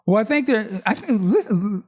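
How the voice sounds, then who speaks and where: A man's voice: sits high, breathy edge. Male podcast host, loose casual delivery, reads script lines with bits of acting. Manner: loose, animated, reads script aloud with quick acted lines.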